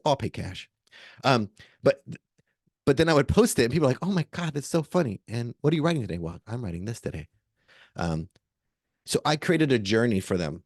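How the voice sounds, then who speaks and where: A middle-aged man, a book coach, telling a story in a lively way, acting out the voices he quotes and laughing often. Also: lowish voice, vocal fry, no echo, studio quality. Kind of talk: animated storytelling advice.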